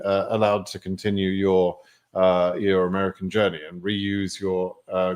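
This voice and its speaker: A man with an English accent answering viewer questions on a live stream, in a chatty way with many fillers. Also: low-pitched. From England.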